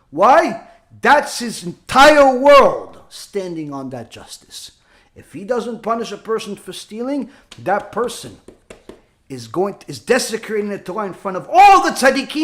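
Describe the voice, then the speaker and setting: A man preaching a sermon as a rabbi, impassioned and scolding, rising to shouts for emphasis. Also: high voice.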